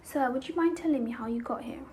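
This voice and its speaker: A woman reading the lines of a gentle young island girl who talks to animals, earnest and kind. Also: high-pitched, quick pace, slight background noise, lightly acted.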